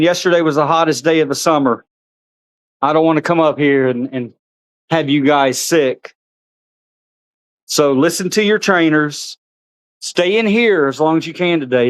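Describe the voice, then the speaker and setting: A man's voice: normal speed, clean tone, no echo. A man, chatting casually on a handheld camera vlog outdoors at an animal park, talking to the animals. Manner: chatty, talks to animals in a high sing-song. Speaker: vlogger.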